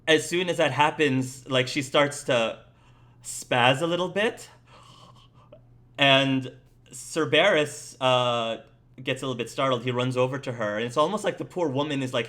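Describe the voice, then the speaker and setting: Casual young game master narrating. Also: male voice, medium pitch, fairly bright tone. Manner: casual, filler-heavy narration.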